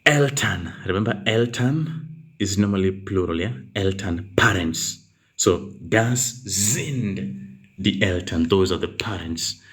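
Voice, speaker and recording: Man teaching a German class, slightly low voice, patient, reads students' sentences aloud and corrects each one. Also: slow, fairly bright tone, breathy edge. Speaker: German language tutor. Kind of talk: live online grammar class.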